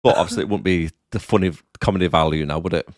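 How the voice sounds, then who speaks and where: A man's voice: low voice, very fast, no echo, studio quality. A man co-hosting a movie podcast, recapping the plot in a laid-back, bantering way. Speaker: podcast co-host. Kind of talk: casual chat.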